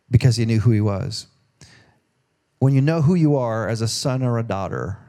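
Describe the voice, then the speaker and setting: At a church service, a male pastor gives a relaxed, conversational sermon in a medium-pitched voice that's dark, mellow, and edged with gravel. He keeps asking the room questions and acts out voices in quoted dialogue.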